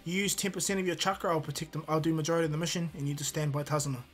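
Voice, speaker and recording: Guy doing a cocky young ninja lad, brash and loud, voice pitched up a bit. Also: fairly even intonation, racing, close to an everyday voice. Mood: confident.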